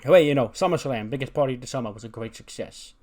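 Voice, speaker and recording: A man's voice: mid-range voice, quick pace, a little mellow, lightly acted. A man voicing a brash, mobster-style male family boss with swaggering wise-guy patter.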